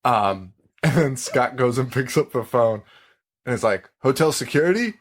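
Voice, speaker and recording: A man hosting a podcast, chatting casually about a movie, animated, laughing often and swearing freely. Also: mid-range voice, unhurried. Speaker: podcast host. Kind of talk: casual movie-review chat.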